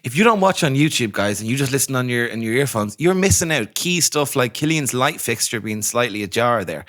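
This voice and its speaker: A man's voice: medium pitch, expressive, brisk, a bit bright. Irish man bantering ironically. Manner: ironic, mock-apologetic banter. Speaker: podcast co-host. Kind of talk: comedic casual chat.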